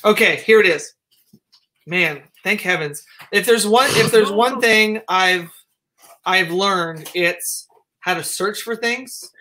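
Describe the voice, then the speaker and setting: A man from the United States hosts a casual discussion in a bright, tense-edged voice. He drifts between points, often restarting his sentences and trailing off into fillers. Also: high-pitched. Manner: digressive, halting, many restarts and fillers. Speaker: host.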